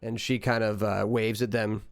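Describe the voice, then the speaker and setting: A man's voice: on the low side, level tone, normal speed, gravelly, clean tone, no echo, clean studio sound, faint music behind. Man running a tabletop game. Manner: loose, filler-heavy narration. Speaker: game master.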